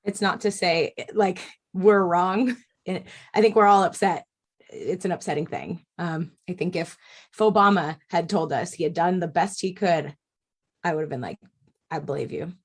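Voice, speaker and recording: Woman on a podcast, lowish voice, laid back and laughy, trying to calm things down. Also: moderate pace. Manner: reflective, laughs easily, conciliatory. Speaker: podcast co-host. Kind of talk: political discussion.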